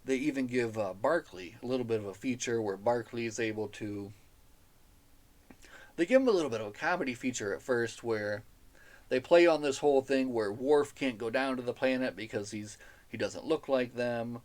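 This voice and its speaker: A man talks through a book he clearly enjoyed, in a relaxed, chatty recap. He sounds enthusiastic and amused, with a mid-range voice that is neither high nor low. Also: moderate pace. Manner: enthusiastic, chatty, laughs at the story. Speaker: podcast host reviewing a novel.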